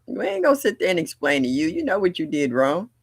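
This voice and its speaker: An older woman hosts a casual livestream and tells family stories in a blunt, animated way. Her voice has a gravelly edge and swings widely in pitch. The sound is close and dry, with no room around it. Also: quick pace, no room sound. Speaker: livestream host. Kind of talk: casual storytelling chat.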